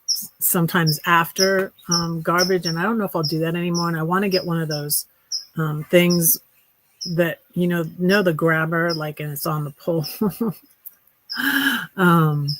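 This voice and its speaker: A woman's voice: fairly low pitch, flat delivery, normal speed, a little hiss or hum, low-quality recording. A woman vlogging from her tiny house, telling a casual story in a rambling way with wry, sarcastic humor. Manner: rambling, restarts often, with many fillers.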